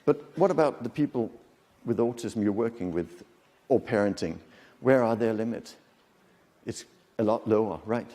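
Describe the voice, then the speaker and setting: A man's voice: lowish voice, normal speed, warm tone. Man in his fifties lecturing in a reverberant hall. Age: 50s. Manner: conversational, joking, quizzes the audience. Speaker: conference lecturer. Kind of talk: live lecture to an audience. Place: large conference hall.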